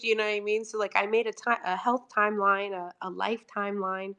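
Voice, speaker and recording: A woman's voice: medium pitch, little pitch movement, a little fast, hardly any pauses, sharp tone, clear, resonant tone. Chatty woman telling a long story. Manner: chatty, over-explaining, quoting herself in dialogue. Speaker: livestream host. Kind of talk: casual livestream chat.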